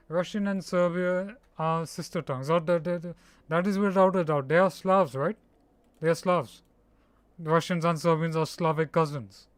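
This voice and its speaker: A man streaming a strategy game, speaking slowly and haltingly with a slightly high voice. He sounds out hard names bit by bit and laughs at his own slips. The sound is clear, close and dry. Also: dry recording. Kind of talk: casual live-stream chat.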